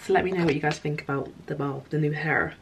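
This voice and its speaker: A woman's voice: low voice, fast talker, low-quality recording. Chatty young woman vlogging. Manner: chatty, excitable, many "like" fillers. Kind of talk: casual vlog chat to camera.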